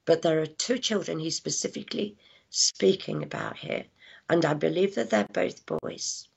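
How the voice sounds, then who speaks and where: A woman working as a psychic medium, giving a live reading with halting speech, lots of fillers, hushed asides and affectionate words like darling. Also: fairly low pitch, vocal fry, breathy edge. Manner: affectionate, calls people darling and my lovely. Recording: dull lo-fi sound.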